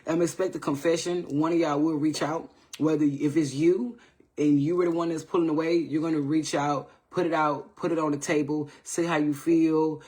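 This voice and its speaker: Casting: man, relaxed live tarot reader, slightly higher voice, keeps checking in with "all right?". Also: moderate pace. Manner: loose, repetitive, greets viewers by name, says "all right?" often. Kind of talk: casual live tarot reading.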